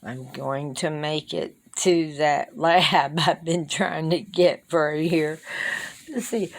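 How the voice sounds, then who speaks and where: A woman vlogging at home on her phone, rambling and talking up to her cats in a high coaxing voice. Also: fairly even intonation, takes it slowly. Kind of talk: casual chat to camera. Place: small room in a trailer at home.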